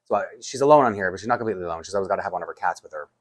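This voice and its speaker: Man, lowish voice, casual rambling vlog chat full of restarts and chuckles. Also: animated, rapid-fire. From Canada. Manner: chatty, rambling, with frequent restarts and laughs. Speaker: doll collector vlogger.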